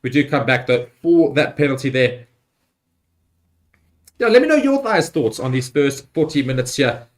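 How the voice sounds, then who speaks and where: A man hosting a live rugby watchalong, talking loosely with many fillers and getting excited on big plays. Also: mid-range voice, normal speed, long pauses. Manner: rambling with fillers and restarts. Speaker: livestream host. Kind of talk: live match watchalong commentary.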